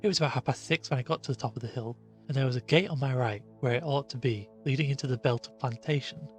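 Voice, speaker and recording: A man voicing a shaken young gentleman who recounts his ordeal in a rueful, animated way. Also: mid-range voice, fast talker, soft background music, natural voice.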